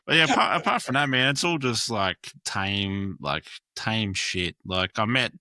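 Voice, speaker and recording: A young Australian man spins a long story in a loose, rambling way, full of "like" and "um" and casual swearing. His voice is low-pitched and bright, and the sound is dry and close. He talks at an easy podcast pace. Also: lively intonation, measured pace, no echo. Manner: rambling, lots of fillers and swearing. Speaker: podcast guest, graffiti artist.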